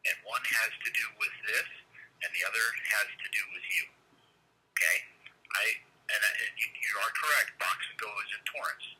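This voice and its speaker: A man's voice: fairly low pitch, sharp tone, a little hiss or hum. A male officer on a tinny phone line. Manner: measured, patient, methodical. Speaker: police officer. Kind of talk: phone call.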